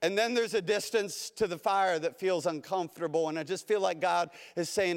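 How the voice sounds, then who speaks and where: A male pastor preaches with a high voice, earnest and emphatic, circling back over his own phrases. The sound carries the long reverb of a large church hall. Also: moderate pace, few pauses. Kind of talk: sermon. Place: church sanctuary.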